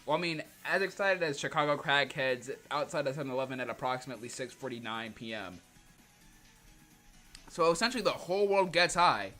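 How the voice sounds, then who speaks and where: A man's voice: medium pitch, animated, brisk, bright, forceful tone, faint music behind. A man livestreaming a comic reading, joking in heavy slang and laughing often. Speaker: streamer.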